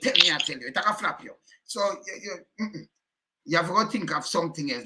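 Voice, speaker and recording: A man's voice: fairly high pitch, expressive, a little fast, pushed and bright. A Jamaican man giving heated, emphatic commentary in patois, repeating himself and cursing often.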